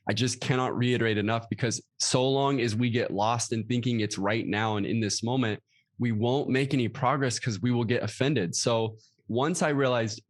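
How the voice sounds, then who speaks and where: Earnest man in a casual podcast chat. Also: mid-range voice. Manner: earnest, acts out his own inner voice with exclamations. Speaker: podcast guest, yoga teacher. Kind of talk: casual conversational interview.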